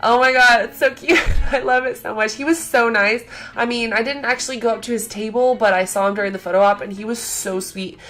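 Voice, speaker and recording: Chatty excitable young woman vlogger. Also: fairly high pitch, fairly quick, soft background music. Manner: chatty and excitable, many fillers and acted-out quotes. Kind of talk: casual storytelling vlog.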